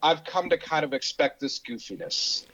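A man co-hosting a podcast chats casually about a film, frequently restarting his sentences. His voice is on the high side and fairly bright at a moderate pace, captured in slightly dull lo-fi sound.

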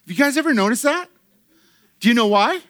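A man preaching a sermon to his church in an animated way, acting out quoted voices and laughing often. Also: very high-pitched, fairly quick, no echo. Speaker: pastor.

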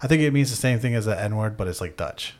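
Wry man with a lively voice. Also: lowish voice, fast. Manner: wry, laughing, self-mocking. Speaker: podcast co-host. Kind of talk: casual comedy chat.

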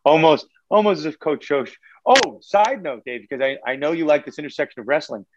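A man's voice: on the high side, brisk, highs cut off, noisy background. A man co-hosting a casual sports talk show, rambling with many fillers and restarts. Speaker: podcast co-host.

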